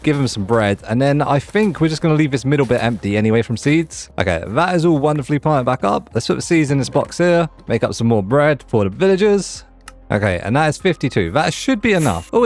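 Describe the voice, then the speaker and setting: Lively, fast-talking young gamer. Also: male voice, mid-range voice. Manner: playful, talks to the game villagers. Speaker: Minecraft gaming creator. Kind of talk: chatty gameplay commentary.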